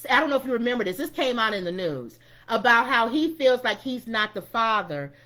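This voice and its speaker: Brief: a lively woman co-host with a high, bouncy voice, chatty and dramatic as she retells gossip. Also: brisk. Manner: animated storyteller who acts out quotes, with frequent restarts. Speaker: podcast co-host. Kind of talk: casual chat, retelling a reality show.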